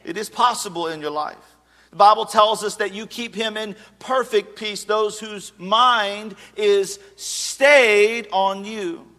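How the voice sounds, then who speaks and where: Pastor, thirties, male; high and bright, chatty humorous sermon, heard in a reverberant sanctuary. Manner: conversational, humorous preaching with acted asides. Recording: long reverb of a large hall.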